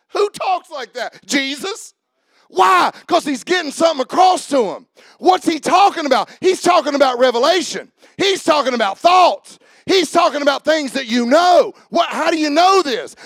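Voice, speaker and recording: A man preaching a sermon, animated and shouting, joking with the congregation. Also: very high voice, moderate pace, no echo. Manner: animated, shouting preaching with laughs and audience calls.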